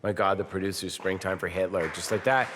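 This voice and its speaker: A man in his fifties, a film director and actor, talking on stage at a live podcast taping and telling lively stories that break into quoted movie lines. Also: low voice, brisk, noisy background. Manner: animated storyteller who bursts into quoted movie lines. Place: on stage at a film festival before an audience. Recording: long hall reverb.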